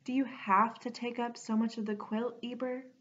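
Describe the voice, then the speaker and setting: A woman voicing an older grandmother who gently scolds her grandson in a storybook reading. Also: fairly high pitch, level tone, moderate pace, close to an everyday voice. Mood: fussing. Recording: dull lo-fi recording.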